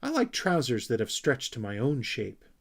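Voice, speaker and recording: A man voicing a calm, slightly sad young wanderer with a soft, unhurried manner. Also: mid-range voice. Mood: gentle. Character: gentle wandering young male creature, calm and a little sad.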